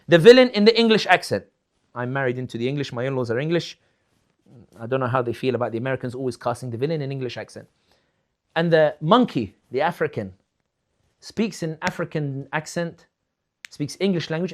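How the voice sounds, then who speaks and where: Fervent, rhetorical man with a higher voice. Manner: fervent, rhetorical, builds with repeated questions. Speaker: political commentator. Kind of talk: impassioned talk.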